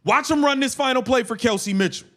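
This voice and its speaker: A man's voice: extremely high pitch, quick pace. A man hosting a live game watch-along stream, ranting angrily and swearing at the team. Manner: angry, profane, shouting rants. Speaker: livestream host.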